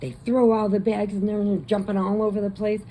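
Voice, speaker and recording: A woman who hosts a crochet channel, casually retelling a horror movie in a rambling way and slipping into quick voices. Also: medium pitch, flat delivery, dark tone, a little hiss or hum, low-quality recording.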